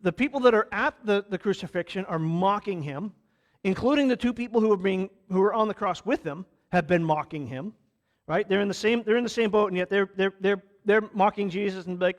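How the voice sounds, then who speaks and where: A man's voice: high-pitched, fairly quick. A male pastor giving a conversational sermon, restarting his sentences and acting out quotes as he retells stories.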